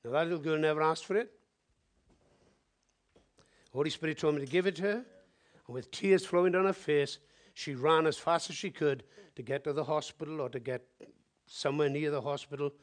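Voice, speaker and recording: A man preaches a sermon through a story, his voice sitting a little high. He talks in an animated way, jumping from loud bursts to near-whispered asides. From Wales. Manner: animated, swinging between loud exclamations and hushed asides.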